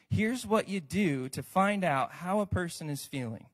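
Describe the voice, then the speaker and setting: An American man preaching a sermon as pastor, lively and conversational, often checking in with the congregation. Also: a little high, unhurried, hardly any pauses.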